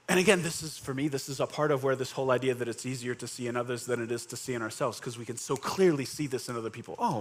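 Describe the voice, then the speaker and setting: A man a little higher in pitch than most, preaching a sermon in a casual, joking way. His energy jumps from lively, raised passages to hushed, dropped-down emphasis, and he keeps asking "right?" as he goes. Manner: swings between animated bursts and quiet, low emphasis. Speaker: pastor. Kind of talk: conversational sermon.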